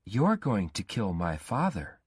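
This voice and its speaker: A menacing, obsessive young man who pleads and threatens by turns, his voice pushed up high and strained, as a male storyteller puts him on. The voice swoops widely and keeps a husky edge. It is read in a dry storybook narration. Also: huge pitch swings, a little slow, dry recording, full character voice. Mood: insistent. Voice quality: raised, strained pitch.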